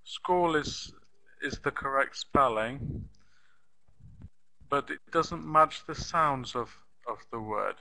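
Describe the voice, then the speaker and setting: Slow, patient male English teacher. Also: medium pitch, vocal fry, bright, forceful tone, rough recording. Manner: slow, patient, repeats and spells out words. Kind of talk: online English lesson.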